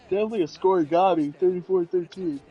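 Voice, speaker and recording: A young man casually commentating a football video game, rambling with restarts and sudden excited bursts. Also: high-pitched, quick pace, breathy edge, dull audio. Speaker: play-by-play commentator.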